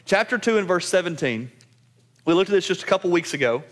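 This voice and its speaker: A man's voice: high voice, animated, fast talker. A man preaching a sermon as pastor. He speaks emphatically, repeats key phrases, and addresses his congregation directly.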